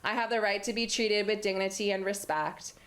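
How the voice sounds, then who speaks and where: A woman's voice: medium pitch, steady tone, fairly quick, a bit bright. A young woman hosting a community TV talk show, talking on her own in a playful, chatty way with many fillers. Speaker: host. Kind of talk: solo talk-show monologue. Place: community TV studio.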